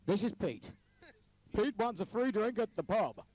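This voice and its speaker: A man co-hosting a street joke hunt, teasing and lively. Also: high voice, unhurried. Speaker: co-host interviewer. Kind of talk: casual street vox pop.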